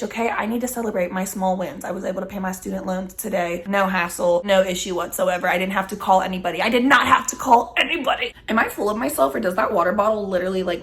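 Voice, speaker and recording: A woman's voice: mid-range voice, a bit bright. Woman, mid-twenties, casual vlogger, chatty, blunt, salty language. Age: 20s. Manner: candid, swears freely, chatty and rambling. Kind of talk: casual chat while smoking.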